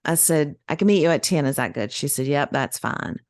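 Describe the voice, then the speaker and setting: Lively woman telling a story. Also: deep voice, brisk, no echo, clean studio sound. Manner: animated, laughing, acts out quoted voices. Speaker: podcast co-host. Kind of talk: casual storytelling chat.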